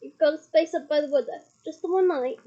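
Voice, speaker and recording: A woman's voice: sits high, a little fast, mellow, dull audio, lightly acted. A woman voicing a wary, blunt male campsite manager in a storybook reading.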